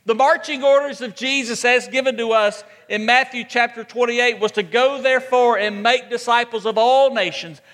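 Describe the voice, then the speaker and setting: A man's voice: very high voice, steady tone, moderate pace, hardly any pauses, a bit bright, big-room sound. A man preaching a sermon as pastor, asking rhetorical questions and repeating points for emphasis.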